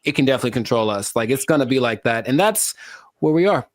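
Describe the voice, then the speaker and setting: Animated podcast co-host, rambling. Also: male voice, mid-range voice, quick pace, no room sound, clean studio sound. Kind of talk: casual podcast chat.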